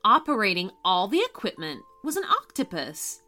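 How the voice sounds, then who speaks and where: A woman reading a children's story aloud as narrator, telling it with lively expression. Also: on the high side, unhurried, faint music behind.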